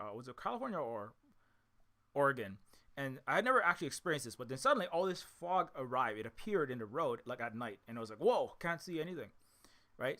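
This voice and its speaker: A man's voice: mid-range voice, sharp tone. A man from Hawaii giving a rambling solo commentary, repeating himself and checking in with "right?" after each point. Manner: repetitive, restarts often, ends points with "right?". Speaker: indie game developer talking to his audience.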